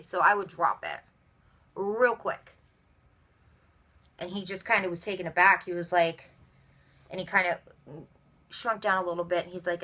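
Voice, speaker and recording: A young woman vlogging, telling a retail complaint story in an animated way and acting out the dialogue of everyone involved. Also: fairly low pitch, moderate pace, long pauses. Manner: animated, acts out both sides of dialogue. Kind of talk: storytelling rant.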